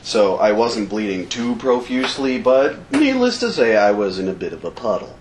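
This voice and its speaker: A man telling a comic war story to a live convention audience, laughing and acting out shouts and sound effects. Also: medium pitch, sing-song, normal speed, a little hiss or hum, low-quality recording. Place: convention stage.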